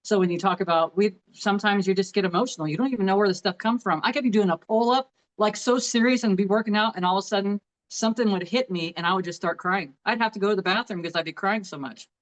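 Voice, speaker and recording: An earnest middle-aged woman with a mid-range voice co-hosts a relaxed talk about emotions. She shares heartfelt advice and runs through coping tips one after another. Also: medium pitch, quick pace, few pauses, poor audio. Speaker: podcast co-host. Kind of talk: casual chat on grief and emotions.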